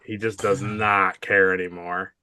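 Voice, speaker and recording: A man co-hosting a podcast, chatting casually as he recaps a TV episode and acts out the characters' lines in quick impressions. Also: deep voice, level tone, bright, forceful tone. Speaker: podcast co-host.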